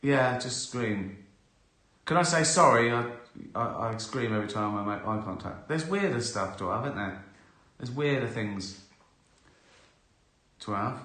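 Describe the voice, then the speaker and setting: A man's voice: mid-range voice, lively intonation, a little slow, pushed and bright. Chatty man in an echoey room. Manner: chatty, laughs often, acts out little scenes. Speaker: host answering viewer questions. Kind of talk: casual live-stream chat.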